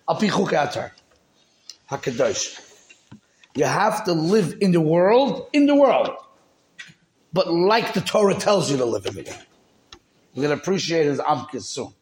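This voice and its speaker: Man teaching a Torah class. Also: a little high. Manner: explains with Hebrew terms, checks in with listeners.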